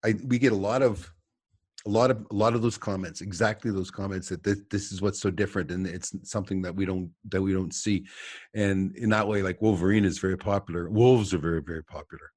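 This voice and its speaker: Husky deep-voiced man. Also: fairly even intonation, a little fast, a little mellow, no echo, studio quality. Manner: rambling storyteller, chuckles often. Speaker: guest trapper. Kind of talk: casual podcast chat. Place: office.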